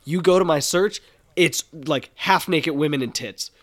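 A man's voice: fairly high pitch, a little slow. A man co-hosting a casual podcast, joking and swearing casually. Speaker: podcast co-host. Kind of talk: casual crude banter.

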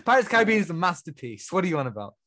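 A man's voice: high voice, big pitch swings, racing, bright, forceful tone. A man co-hosting a film podcast in casual chat, teasing his partner and laughing often. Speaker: podcast co-host.

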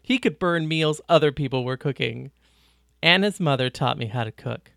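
A reader voicing Paris, a blunt, warm woman from a ranch, in an audiobook. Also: mid-range voice, animated, moderate pace, gravelly, no echo, studio quality. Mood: chatty. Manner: breezy, teasing, plain-spoken. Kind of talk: audiobook reading.

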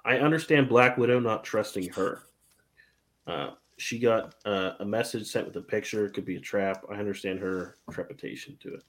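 A man hosts a casual chat show and walks through a film recap from his notes. His voice sits a little low, and he leans on sarcasm and blunt swearing. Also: normal speed. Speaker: podcast host.

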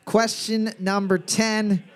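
A man's voice: high-pitched, flat delivery. A young man hosting a trivia night, reading questions out twice and cracking crude jokes between rounds. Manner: crude joking, repeats questions slowly. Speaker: trivia quiz host. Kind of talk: live pub quiz hosting on mic.

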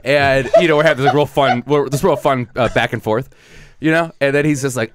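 A man's voice: mid-range voice, a little fast, clean tone, dry recording, clean studio sound. A man, a comedian co-hosting a podcast, telling a story in a rambling way with lots of restarts and acted-out quotes. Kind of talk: casual podcast chat.

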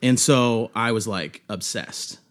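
A man's voice: fairly low pitch, slow. Easygoing male podcast guest. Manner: easygoing, self-deprecating. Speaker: podcast guest, coffee shop owner. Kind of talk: casual storytelling.

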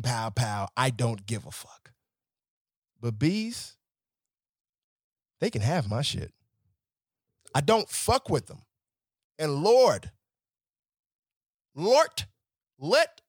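A man rants for laughs in an exasperated, swearing voice that leaps high and then drops low. His delivery is dry and close. He sounds worked up and animated throughout. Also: no room sound. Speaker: nightlife promoter. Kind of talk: comedic rant.

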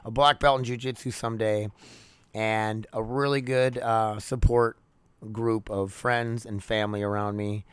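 In a fairly low, clear, resonant voice with little pitch movement, a young podcast host talks unhurriedly through a casual solo monologue. He rambles candidly and swears a lot, recording dry on a podcast mic at home near the laundry room.

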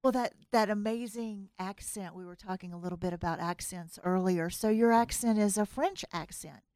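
A woman's voice: medium pitch, moderate pace, a little mellow, dry recording, studio quality. Southern US woman hosting an interview.

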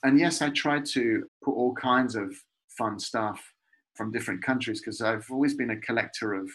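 Husky middle-aged man, animated storyteller, from Peru. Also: medium pitch, moderate pace, low-quality recording. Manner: warm, animated storytelling about food. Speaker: guest. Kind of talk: casual conversation.

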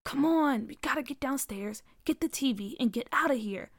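A woman voicing a sneaky, bossy boy ringleader who speaks in a hushed whisper. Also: high voice, lively intonation, normal speed, dry recording, studio quality.

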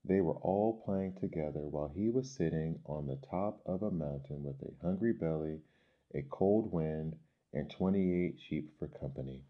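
A man reading fables aloud in a measured, expressive storybook style. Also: very deep voice, phone-quality sound.

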